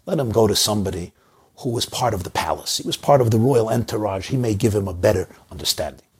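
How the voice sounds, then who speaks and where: A man's voice: lowish voice, lively intonation, fast, breathy edge. A man doing an anxious, earnest commoner. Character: frightened male commoner, anxious and thinking aloud.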